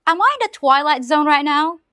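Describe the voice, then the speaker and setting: A woman's voice: high-pitched, lively intonation, brisk, bright, forceful tone, no room sound. A woman commentator responding with incredulous sarcasm.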